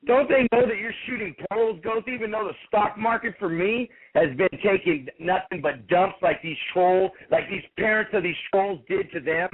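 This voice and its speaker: A man's voice: sits high, normal speed, hardly any pauses. A man calling in to a radio talk show, indignant and rambling. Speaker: caller. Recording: tinny phone line on radio.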